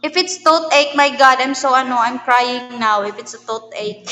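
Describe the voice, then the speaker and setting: High-voiced woman chatting with a sore mouth. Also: moderate pace, sharp tone, roomy sound, big-room sound, low-quality recording. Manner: laughs often, speaks broken English with Tagalog fillers. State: sore gums. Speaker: livestream host. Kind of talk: casual livestream chat.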